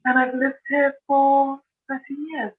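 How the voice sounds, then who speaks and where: A woman's voice: sits high, monotone, measured pace. A woman from London with a British accent, a podcast guest talking about her life in a matter-of-fact way. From London, England. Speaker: guest, author. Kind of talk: casual interview chat. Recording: tinny phone-like line.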